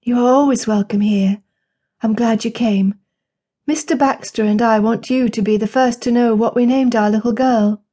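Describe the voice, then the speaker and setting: A woman narrator voicing a tired, kindly cottage wife who has just given birth, speaking a little higher than her own voice. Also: fairly even intonation, moderate pace, warm tone, close to an everyday voice. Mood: weary warmth.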